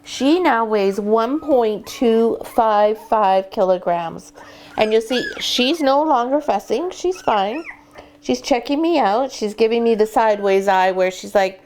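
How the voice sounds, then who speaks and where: A woman dog breeder giving puppy-training advice and weighing puppies in a casual vlog, dropping into a soft coaxing voice with the pups. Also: on the high side, lively intonation, unhurried, a little hiss or hum. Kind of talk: instructional vlog, talking to puppies. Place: sitting in a whelping box with puppies.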